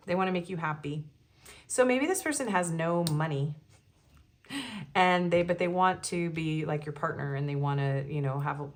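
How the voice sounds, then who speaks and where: A woman giving a casual tarot reading, chatty and giggly, with many ums and likes. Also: on the low side. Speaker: tarot reader.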